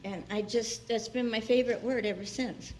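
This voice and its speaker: A woman's voice: on the high side, fairly even intonation, moderate pace, darkish tone, a little hiss or hum. Chatty woman minister giving a sermon. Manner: chatty and personal, laughs often, acts out quotes. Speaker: guest minister. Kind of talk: conversational sermon. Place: church sanctuary.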